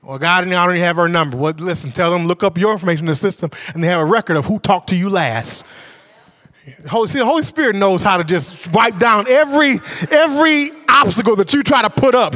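A male preacher delivers a sermon with a high-pitched, bright, ringing voice. He tells a personal story with great animation, rising to shouts and then dropping to near whispers. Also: expressive, fast.

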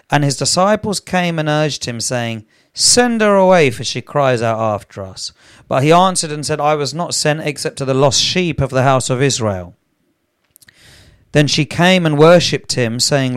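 Slow-speaking preacher man. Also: medium pitch, clean tone. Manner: reads scripture aloud, grows emphatic, prays in tongues. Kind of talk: live Bible teaching broadcast.

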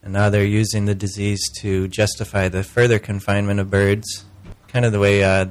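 A male radio co-host with a slightly low voice and a faint lisp. He offers laid-back, drawling commentary in casual studio banter. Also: flat delivery, fairly quick.

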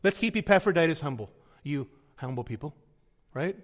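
A man's voice: a little high, animated, moderate pace, big-room sound. A man preaching a sermon as pastor, earnest, sometimes voicing the people he quotes.

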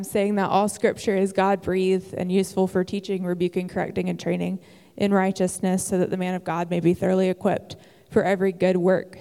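A woman preaches with earnest encouragement in a warm, smooth voice. The sermon carries a long reverb from a large hall. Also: medium pitch. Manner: earnest, encouraging, with occasional "um" fillers. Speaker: church speaker. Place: church sanctuary.

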